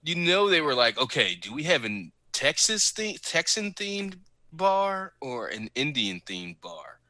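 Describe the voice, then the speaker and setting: A man co-hosting a casual TV recap chat, animated and opinionated. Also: fairly high pitch, measured pace, no echo, clean studio sound. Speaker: podcast co-host.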